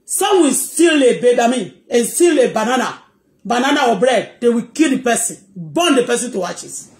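A woman's voice: on the high side, very animated, normal speed, a little mellow, reverberant. A woman with a Nigerian accent giving heated commentary as a gossip vlogger, emphatic and repetitive, often asking if you understand.

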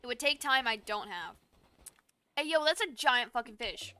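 A young woman streaming a game, reacting out loud with casual swearing and bursts of dramatic pleading. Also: a little high, animated, normal speed, clean tone, dry recording. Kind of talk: casual live game commentary. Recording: faint game music behind.

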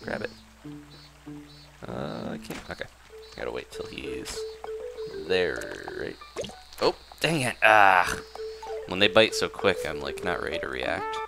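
A man giving relaxed, rambling commentary while playing a cozy video game, often restarting his sentences. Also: deep voice, slow, creaky, long pauses. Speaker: gameplay commentator. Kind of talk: casual let's-play commentary. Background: game music.

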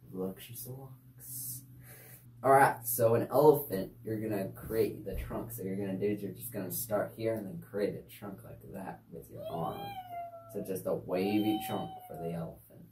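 A woman's voice: a bass voice, a little mellow, slight background noise. A woman casually demonstrating sign language signs for a kids' lesson, chatty and easygoing with offhand asides. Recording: echoey room, distant mic.

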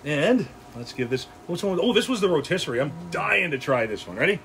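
An upbeat, jokey man hosts a casual backyard cooking livestream and keeps up a running chat with his viewers. His voice sits a bit high and swings up and down a lot. Steady outdoor noise and sizzling from the grill are heard clearly behind him. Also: a little fast. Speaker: grill show host.

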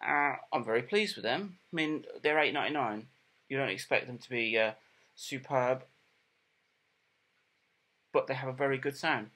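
A middle-aged man giving a casual product review, plain and unhurried, with many ums and repeated words. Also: medium pitch, pushed and bright. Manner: plain, unhurried and matter-of-fact.

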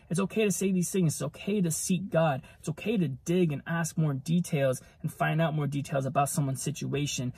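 A man's voice: a little high, a little mellow, slightly rough, no room sound. A man giving a casual devotional teaching, talking conversationally and tagging nearly every point with "right?". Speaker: ministry preacher.

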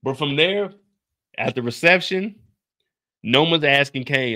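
A man's voice: on the high side, lively intonation, unhurried, bright, forceful tone. A man recapping a TV episode with loose, profane, joking asides. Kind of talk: casual comedic recap commentary.

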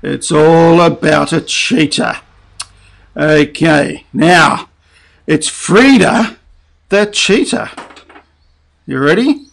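A man's voice: on the high side, drawn-out words, gravelly, pauses often, fairly bright tone. A man leading a children's music and story session, talking cheerfully and coaxingly straight to young children.

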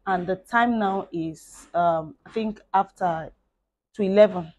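A woman's voice: medium pitch, a little slow, darkish tone, muffled recording. A woman in her thirties from Nigeria with a Nigerian accent, talking casually and effusively to her vlog viewers. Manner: chatty and effusive, with frequent "like" and "guys". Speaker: vlogger.

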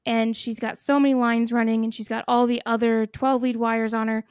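Woman, podcast host, casual storytelling, animated, swears a lot, higher voice, dry close sound. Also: moderate pace, clear, resonant tone, no echo. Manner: animated, swears freely, laughs through the story.

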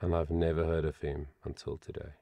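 A man working as a vocal coach, reading out song facts in a reaction video and adding animated comments of his own. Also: very deep voice, fairly quick, loud music behind the voice. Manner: reads song facts aloud with animated asides.

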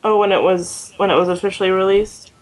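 A woman with an Oklahoman accent, chatting in a relaxed, dry way while gaming with a friend. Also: medium pitch, fairly quick, low-quality recording. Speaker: gamer. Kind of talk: casual let's-play chat.

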